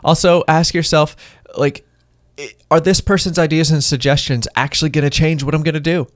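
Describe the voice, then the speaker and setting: A man's voice: a little high, fairly even intonation, brisk, no room sound. Dry-voiced man giving casual advice. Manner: rambling, offhand, acts out little dialogues. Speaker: podcast co-host.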